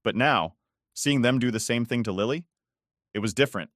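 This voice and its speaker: A man's voice: mid-range voice, a little fast, a bit bright, dry recording, clean studio sound. A man narrating a first-person story in a casual, conversational way, swearing often.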